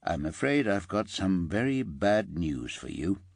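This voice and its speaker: A man doing a deep, grave police detective. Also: sing-song, creaky, slightly rough, dry recording, clean studio sound, full character voice. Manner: soft, measured. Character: calm, grave male police detective sergeant.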